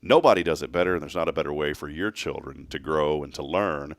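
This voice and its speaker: A man's voice: very deep voice, quick pace, dry recording, clean studio sound. A man hosting a local morning talk show, rambling casually and joking with his co-host. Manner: rambling, jokey, playful.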